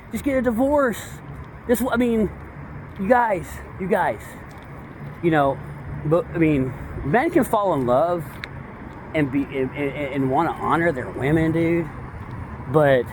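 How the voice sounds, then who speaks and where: A man in casual, rambling commentary, excitable and slangy, full of digressions. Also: fairly high pitch, background noise. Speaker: true-crime commentator.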